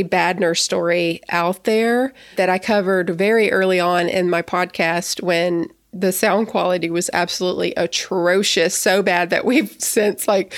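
A woman in her thirties hosting a podcast, chatting in a rambling, excitable way with frequent restarts. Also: medium pitch, no room sound, clean studio sound. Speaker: podcast host. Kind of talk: casual podcast chat.

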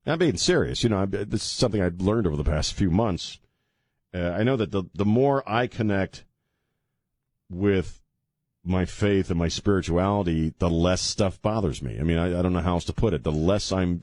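Speaking at a moderate pace in a low, slightly mellow voice, this radio host wanders through casual, self-mocking talk and then grows earnest about faith. He uses a studio mic with headphones, and the sound is clean studio audio with no echo.

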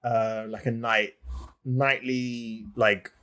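Animated laughing man in casual chat. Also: takes it slowly. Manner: animated, laughs often, swears, acts out quotes with big pitch jumps. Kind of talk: casual chat about manga.

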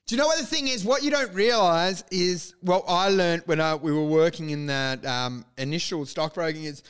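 A man co-hosting a comedy podcast, swearing freely and bursting into shouted impressions. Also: a little high, normal speed, clear, resonant tone. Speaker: podcast co-host. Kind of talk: casual comedic chat.

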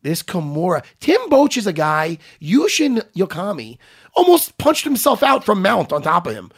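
A man co-hosting a casual talk show, excitable, swearing and laughing often. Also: sits high, normal speed, husky. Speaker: co-host. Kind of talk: casual chat.

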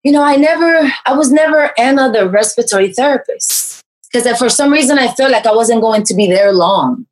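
A woman, a life coach, telling her personal story in an interview, animated and full of fillers and restarts. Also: brisk, low-quality recording. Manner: animated storyteller, raises pitch to act out quoted speech.

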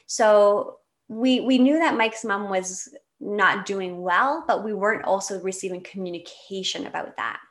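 A woman in her late thirties tells a personal story as an interview guest, candid and animated. Her voice sits at an everyday middle pitch. She laughs and restarts her sentences as she goes. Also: unhurried. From Canada. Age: 30s.

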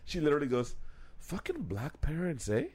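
A young man co-hosting a podcast, telling stories in a profane, animated way and putting on voices for the people he quotes. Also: on the high side, normal speed, breathy edge. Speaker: podcast co-host. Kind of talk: casual podcast banter.

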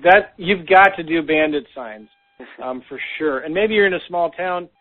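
A man's voice: a little high, moderate pace. A man co-hosting a casual business talk, giving practical advice with frequent "um" fillers, heard over a phone line. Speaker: podcast co-host.

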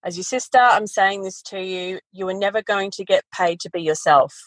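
A woman, a guest telling her business story in a casual interview, animated and quick to laugh. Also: medium pitch, no room sound, low-quality recording. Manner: animated storytelling, quotes family in voices, laughs often. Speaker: guest, photography educator.

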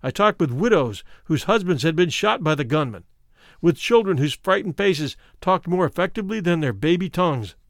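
A man narrating a first-person memoir as an audiobook in a measured, solemn manner. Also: on the high side, expressive, no echo, clean studio sound.

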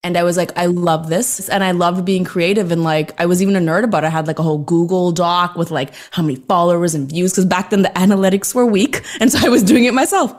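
A woman, a podcast guest telling animated, self-mocking stories with voiced quotes. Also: on the low side, fast, few pauses. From Toronto, Canada. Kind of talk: casual interview chat.

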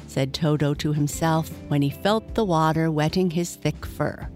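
A woman reading a bedtime story aloud, gentle and measured. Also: low-pitched, soft background music.

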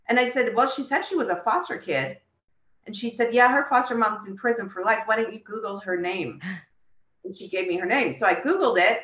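A woman's voice: mid-range voice, animated, quick pace, fairly bright tone. A woman speaking as an interview guest, her voice sitting in a mid range and carrying an emotional, storytelling manner. She acts out the back-and-forth of conversations as she goes. The recording sounds roomy and a little muffled. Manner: emotional, reenacts dialogue while telling the story. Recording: roomy, slightly dull sound.

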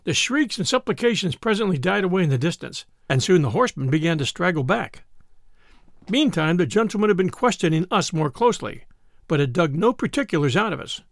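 Guy reading an old novel out loud, high gravelly voice, super expressive, dry close sound. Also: fairly quick, no room sound. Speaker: audiobook narrator. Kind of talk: scripted storybook narration.

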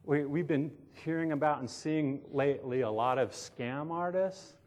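A man's voice: a little high, a little slow, darkish tone. Conversational man preaching a sermon. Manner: casual, self-described sarcastic, asks the listeners questions. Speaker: pastor.

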